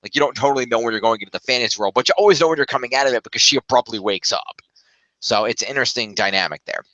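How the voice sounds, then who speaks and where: A man's voice: mid-range voice, rapid-fire, pushed and bright, no echo, rough recording. A man chatting casually as a film reviewer, rambling and correcting himself as he goes. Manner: rambling, self-correcting, upbeat.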